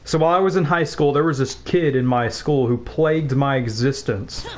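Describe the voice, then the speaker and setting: A man's voice: mid-range voice, normal speed, slight background noise. A young man of about nineteen, a game streamer, chatting casually and telling a school story while he plays, rambling with swearing and laughing asides. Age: young adult, about 19.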